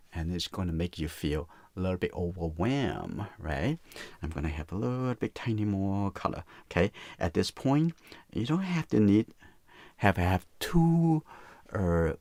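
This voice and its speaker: A man with teaching watercolor in a relaxed live painting demonstration, softly talking through each step and often saying "okay, that's good.". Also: low-pitched, gravelly, no echo.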